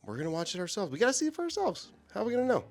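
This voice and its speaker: A man co-hosting a casual chat about horror movies, animated and swearing freely. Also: sits high, racing, gravelly. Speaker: co-host.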